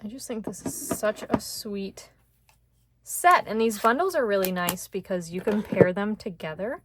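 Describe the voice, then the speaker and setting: A woman teaching card making in a casual, chatty way, thinking aloud as she works and getting excited over small wins. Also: mid-range voice, measured pace, noisy background. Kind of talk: casual craft tutorial chat.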